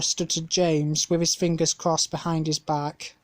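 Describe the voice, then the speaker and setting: Slow, careful woman reading a storybook. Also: lowish voice, darkish tone. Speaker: storybook reader. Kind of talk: reading a children's book aloud.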